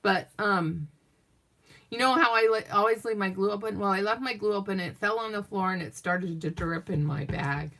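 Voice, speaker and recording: Middle-aged Southern-born woman, craft vlogger; gravelly fry, loose and chatty, drifts between stories while she works. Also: medium pitch, moderate pace, fairly bright tone. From Southern United States. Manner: chatty, rambling storyteller, talks to viewers while working. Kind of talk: casual chat while crafting.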